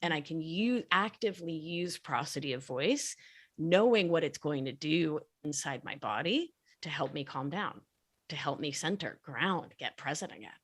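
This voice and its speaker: A woman talking as a podcast guest, explaining things in a calm, gentle, sing-song way. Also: low-pitched, normal speed, breathy edge. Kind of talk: casual podcast conversation.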